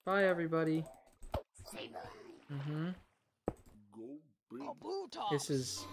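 A man's voice: a little high, animated, slow pace, pauses often. A man hosting a game let's play at home late at night, exasperated and muttering to himself as he plays. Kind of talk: gaming commentary. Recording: noisy recording with keyboard clicks.

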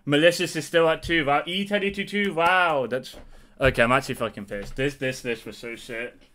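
A man's voice: on the high side, moderate pace, pushed and bright. A man reacting live to card game news, exasperated and angry, swearing heavily. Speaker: card game content creator.

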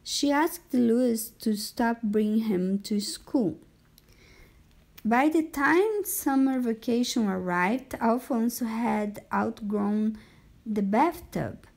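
A woman reading a children's picture book aloud in a measured storytelling way. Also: on the high side, creaky, a little mellow. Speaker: narrator.

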